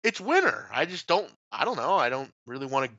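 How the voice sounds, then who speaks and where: A man's voice: medium pitch, big pitch swings, brisk, fairly bright tone, no echo, highs cut off. A man hosting a sports betting show, talking in loose, jokey casual banter and swearing freely.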